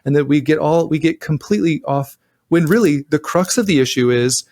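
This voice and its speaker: A man's voice: fairly high pitch, a little fast, darkish tone. A man co-hosting a podcast about relationships, talking in a rambling, casual way and acting out what partners say to each other. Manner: rambling, acts out partners' lines in shifting voices. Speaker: podcast co-host. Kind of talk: casual relationship advice chat.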